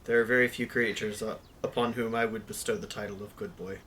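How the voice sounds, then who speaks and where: A tabletop player putting on a low, quiet voice for an earnest young male dog ranger who speaks slowly and with dignity. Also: fairly even intonation, slight background noise, close to an everyday voice. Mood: solemn. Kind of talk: tabletop role-play character voice.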